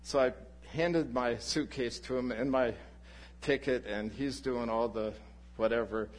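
A male pastor preaching a sermon, telling a personal story in an animated way and acting out the people in it. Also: mid-range voice, measured pace. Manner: animated anecdote, voices the people in his story.

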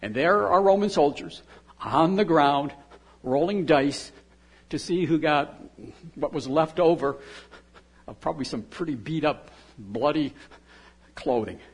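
A male pastor with a husky, breathy voice set a little high for a man. He preaches a sermon, dropping to a hush and then building to loud, fervent emphasis. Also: a little slow, long pauses. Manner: swings from quiet intimacy to loud emphatic repetition.

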